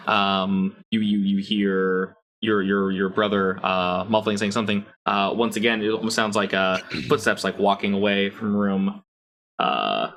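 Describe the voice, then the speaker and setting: A man narrating as game master of a tabletop game, describing scenes haltingly with many pauses and restarts. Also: lowish voice, a bit bright.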